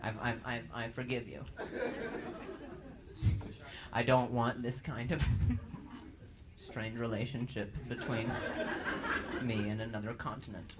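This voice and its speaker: A man's voice: mid-range voice, level tone, unhurried, long pauses. A man doing stand-up crowd work on a club stage, stammering as he teases the audience. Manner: stammering, playful teasing of audience members. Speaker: stand-up comedian. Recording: live club with loud crowd and noise.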